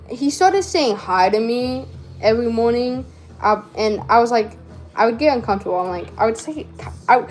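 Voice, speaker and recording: A woman's voice: fairly high pitch, a little mellow. A teenage girl telling a rambling, slangy story while crafting, with lots of fillers and laughs. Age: teens. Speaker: vlogger.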